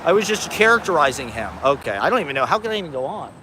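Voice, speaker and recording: A man's voice: fairly high pitch, very animated, racing. A stoned man live streaming from a city street on a phone, rambling and swearing, laughing often. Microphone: phone on a selfie stick. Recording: busy street traffic noise. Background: city traffic.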